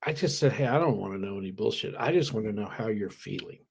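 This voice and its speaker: A man co-hosting a betting podcast, telling an animated story in casual chat, swearing now and then and laughing. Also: lowish voice, fast, creaky, husky. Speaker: co-host.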